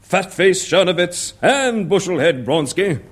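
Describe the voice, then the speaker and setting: Male role: a commanding, businesslike spymaster; slightly high voice. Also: expressive, measured pace. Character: brisk male spymaster, the hero's superior. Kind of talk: 1960s radio comedy acting.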